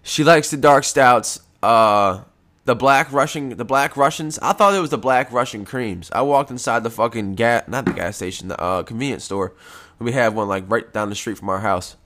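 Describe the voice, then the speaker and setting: A man rambles through a casual podcast from home, swearing freely in a laid-back way. His voice is a little congested from post-nasal drip. His pitch sits in an ordinary middle range. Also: normal speed, a bit bright. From United States. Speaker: podcast host. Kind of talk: casual solo podcast chat.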